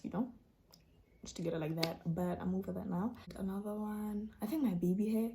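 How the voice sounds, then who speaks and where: A woman's voice: medium pitch, slight background noise. A young woman vlogger telling stories and answering viewer questions in a casual chat, acting out dialogue with sudden jumps in voice. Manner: animated, acts out dialogue with quick voice jumps.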